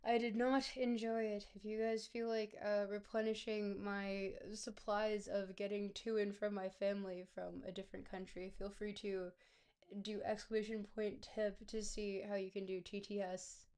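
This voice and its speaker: A woman streamer, hoarse and gravelly from a cold, chatting casually with her viewers and thinking aloud over a game. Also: medium pitch, little pitch movement, moderate pace, a little mellow. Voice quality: gravelly, smoker-like. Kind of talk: casual live-stream gameplay commentary. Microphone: close desk mic.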